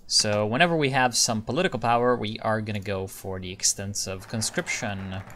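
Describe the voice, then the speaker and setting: A man's voice: fairly low pitch, moderate pace, bright, forceful tone, a little hiss or hum. A man giving casual, rambling commentary on his strategy gameplay, thinking aloud and restarting sentences. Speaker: gaming video creator.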